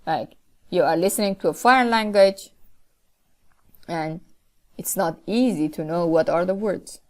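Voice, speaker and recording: Woman lecturing on language, not her first, talks real slow and careful. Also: fairly low pitch, darkish tone. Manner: slow, deliberate explaining with careful pauses. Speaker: linguistics lecturer. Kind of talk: recorded lecture.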